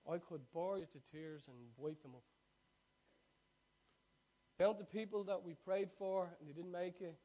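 High-voiced man preaching a sermon. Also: unhurried, pauses often, highs cut off. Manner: swings from soft confiding asides to loud shouted prayer. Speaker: pastor. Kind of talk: sermon with call-and-response prayer. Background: congregation repeating prayers.

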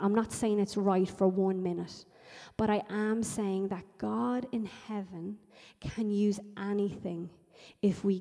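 A woman delivers a sermon with emphatic, repetitive phrasing that builds as she goes. Her voice is mellow and warm, at a middle pitch. It rings out with the long reverb of a large hall. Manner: emphatic, repetitive preaching with rising intensity. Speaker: preacher.

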